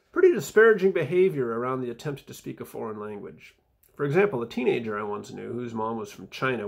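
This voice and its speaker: A man reading his own footnotes aloud in a casual vlog, dry and wry, with fillers and soft mumbled asides. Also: mid-range voice, vocal fry, husky.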